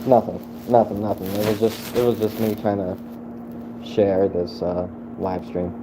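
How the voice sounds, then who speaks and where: A tired man chatting casually and profanely on a late-night livestream from his phone at home, with sudden loud, excited outbursts. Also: fairly low pitch, unhurried, noisy background. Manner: loose, profane, laid-back talk with sudden loud excited bursts. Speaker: live streamer.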